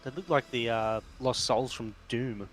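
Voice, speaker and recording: A man playing a tabletop game, stating his actions in a halting, hesitant way. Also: medium pitch, a bit bright, poor audio. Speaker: player. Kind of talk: casual tabletop play.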